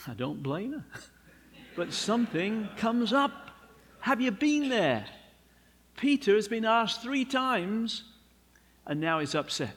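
A man preaching a sermon, emphatic and unhurried, with humorous personal asides. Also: on the high side, expressive, a bit bright, slightly rough. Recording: long hall reverb.

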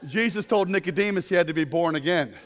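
High-voiced man preaching with comic flair. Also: fast talker, big-room sound. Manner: animated storytelling with comic shouted outbursts. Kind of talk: humorous sermon. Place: congregation in a room.

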